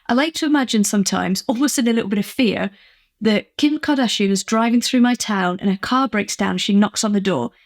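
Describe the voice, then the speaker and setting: A woman's voice: medium pitch, brisk. A woman business coach from England giving an earnest, emphatic motivational vlog talk, acting out little quoted exchanges.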